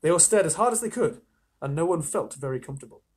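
Playful, lively man reading a storybook. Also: on the high side, fast, breathy edge. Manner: chatty, playful asides between reading. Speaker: storyteller, live reader. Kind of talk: reading a children's story aloud.

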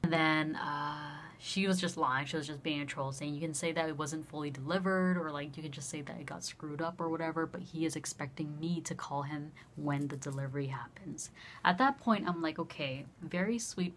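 A young woman vlogger casually telling a story, animated and swearing freely as she acts out both sides of a conversation. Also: sits low, normal speed, slight background noise.

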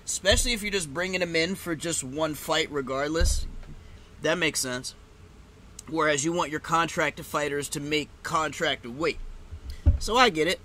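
A man calls the fight casually for his live stream audience, his voice pitched high and ringing very bright. He talks loosely, swears freely and erupts into shouts when a fighter goes down. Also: moderate pace, a little hiss or hum. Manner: excitable, swears, shouts at big moments. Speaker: live stream reaction host.

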